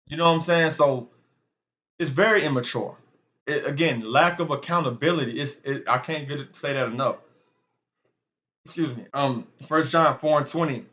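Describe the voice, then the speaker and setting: An online Bible teacher gives a relaxed, sermon-like lesson, chatting with his viewers as if they were family. His voice sits on the high side at a moderate pace, bright and forceful, though the recording has its highs cut off.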